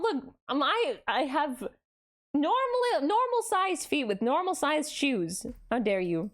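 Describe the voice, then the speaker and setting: Reacting to fan art during a laid-back stream, a young woman sounds excitable and effusive, breaking into frequent laughter. Her voice sits high.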